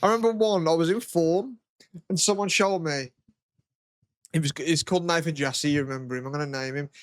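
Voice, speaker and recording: A man's voice: a little high, a little fast, no room sound, clean studio sound. A young man, co-hosting a casual podcast chat, rambling and swearing a lot. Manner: rambling, sweary, lots of "you know what I mean". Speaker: podcast co-host.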